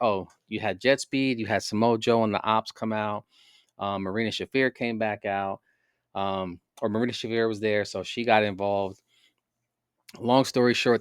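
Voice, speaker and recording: A man's voice: on the low side, clean tone, no room sound, studio quality. A man hosting a podcast, recapping wrestling in a casual, rambling way with many fillers and self-corrections. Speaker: podcast host.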